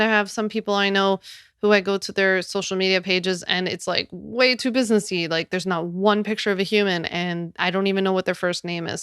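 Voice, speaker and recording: A woman hosts her podcast in a casual solo chat, laughing often and slipping into sarcasm. Her mid-pitched voice is smooth and clear. The sound is dry and close to the mic. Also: fairly bright tone, dry recording. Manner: chatty, laughing, sarcastic asides. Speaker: podcast host.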